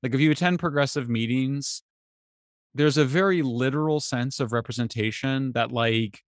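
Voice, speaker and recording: A man speaking as an author guest in a casual interview, animated and getting exasperated at times. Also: mid-range voice, moderate pace, no room sound, studio quality. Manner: animated, voice jumps up when exasperated.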